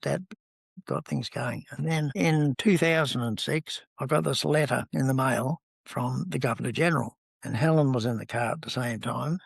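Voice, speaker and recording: Creaky and husky, a medium-pitched male voice from New Zealand belongs to a man in his seventies being interviewed. With no room sound, he tells relaxed, rambling stories full of anecdotes and frequent ums.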